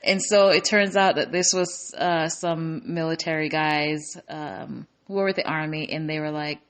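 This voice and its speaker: A woman's voice: deep voice, steady tone, a little slow. A woman casually recapping a war movie's plot, chatty, with many fillers, restarts and emotional asides. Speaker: movie reviewer.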